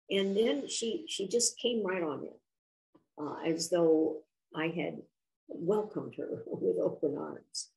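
Older woman, author guest; low gravelly voice, earnest, reflective storyteller. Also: slow pace, darkish tone, poor audio. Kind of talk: personal storytelling in an interview.

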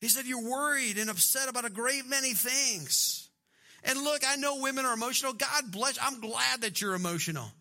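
A man's voice: extremely high pitch, normal speed, sharp tone. A middle-aged man preaching a sermon, joking and acting out quoted voices. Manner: humorous, acts out quoted voices. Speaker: pastor.

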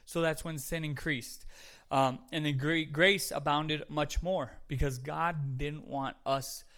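A man's voice: on the high side, fairly even intonation, slow pace, a bit bright. A man giving a casual, chatty sermon, joking and correcting himself as he goes. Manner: chatty, jokey, self-correcting, laughs at himself. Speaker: preacher.

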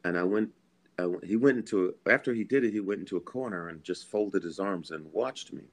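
A Philadelphia man appearing as a guest musician on a podcast tells a personal story from his home, earnest and animated. His deep voice moves a little fast, and he chuckles and repeats words as he goes.

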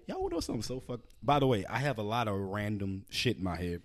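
A man hosting a casual podcast with a lively, swinging pitch. He tells stories loudly and swears freely, with animated, excitable energy. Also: fast, hardly any pauses. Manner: profane, loud, animated storytelling. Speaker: podcast host.

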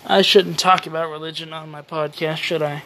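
A man's voice: a little high, little pitch movement, normal speed, a bit bright, slight background noise. A tired man hosting his own podcast, rambling through a casual solo rant with offhand swearing and self-deprecating asides. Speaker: podcast host.

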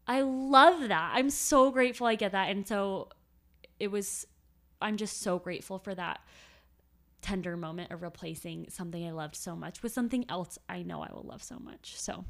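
A woman co-hosting a podcast and talking in a relaxed, conversational way. She speaks from the heart, her voice sits at an ordinary pitch, and she laughs easily as she talks. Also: moderate pace, gravelly. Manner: heartfelt and emotional, laughing often. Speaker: podcast co-host. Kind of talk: casual podcast chat.

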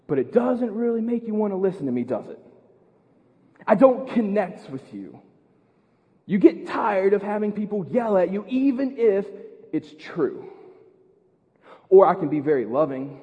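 Man from the US, pastor, sermon, fairly high voice, muffled sound, long church reverb. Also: very animated, a little slow, pauses often. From United States. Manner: earnest, repeats words, rises to shouts for emphasis.

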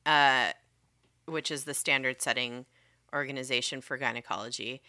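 A woman's voice: a bass voice, fairly even intonation, normal speed, pushed and bright. A woman co-hosting a casual true-crime podcast, recounting facts and swearing freely. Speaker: podcast co-host.

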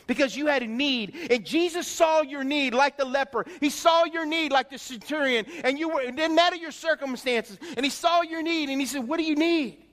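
A man's voice: extremely high pitch, brisk, few pauses, fairly bright tone. A male pastor preaching a sermon, emphatic, peppering the congregation with rhetorical questions. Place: church sanctuary. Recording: long reverb in a church hall.

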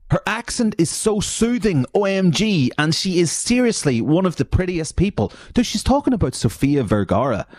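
A man hosting a solo podcast, reading online posts aloud and mocking them with heavy swearing, frequent laughs and sudden high silly voices. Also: a little mellow, no room sound, studio quality. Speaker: podcast host.

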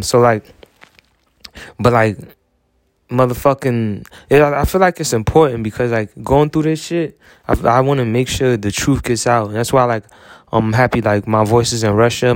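A man's voice: medium pitch, no room sound, clean studio sound. A young man rambling through a personal monologue as podcast host, swearing often and repeating filler phrases. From United States.

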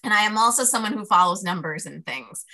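Bright-voiced woman telling a story. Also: medium pitch, quick pace. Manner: animated, laughing storyteller who acts out inner dialogue. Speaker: life coach. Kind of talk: storytelling in a podcast conversation.

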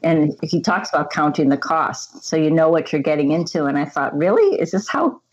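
A woman's voice: low voice, level tone, fairly quick, dull audio. A middle-aged woman giving an earnest, reflective personal testimony as an interview guest.

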